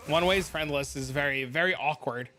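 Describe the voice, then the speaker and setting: A man's voice: a little high, moderate pace, bright, forceful tone, a little hiss or hum. A man streaming a game and chatting casually with viewers, blunt, profane and rambling. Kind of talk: casual live-stream chat.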